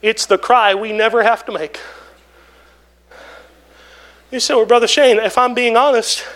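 A man preaching a sermon in church, building to shouts and drawn-out, emphatic phrases broken by "oh" and "hallelujah". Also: very high voice, steady tone. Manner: drawn-out emphatic delivery with interjected "oh" and "woo, hallelujah". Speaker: pastor.

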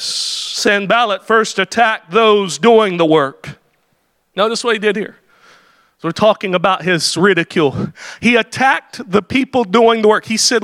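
High-voiced, impassioned shouting preacher. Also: male voice, unhurried, no echo. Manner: impassioned, often shouting, frequent "oh" interjections. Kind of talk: sermon.

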